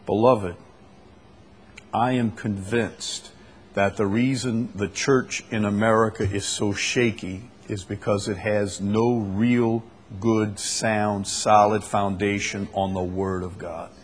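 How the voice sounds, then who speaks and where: A man's voice: on the low side, fairly even intonation, slow pace, a little hiss or hum. A man leading a church Bible study, preaching emphatically with repeated phrases and rhetorical questions.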